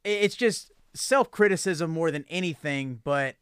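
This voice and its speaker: A man's voice: on the high side, expressive, unhurried, clean tone, dry recording. A man hosting a podcast, chatting casually with loose, joking, profane talk. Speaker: podcast host. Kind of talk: casual chat.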